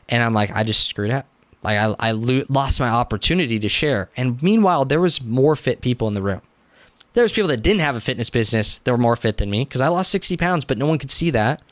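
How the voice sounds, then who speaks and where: A young man in a casual interview, telling a personal business story with lively energy. He acts out what people said and leans on "like" as a filler. His voice sits at an ordinary pitch and sounds dry and close. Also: no echo. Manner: animated, acts out quotes, frequent "like" fillers. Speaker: business coach.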